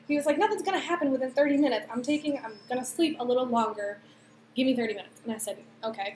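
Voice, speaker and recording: Young woman chatting to camera, lively and rambling, fairly high voice, roomy echo. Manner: chatty, animated, lots of fillers and acted-out quotes. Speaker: vlogger. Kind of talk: casual storytelling to camera. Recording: echoey room, faint background noise.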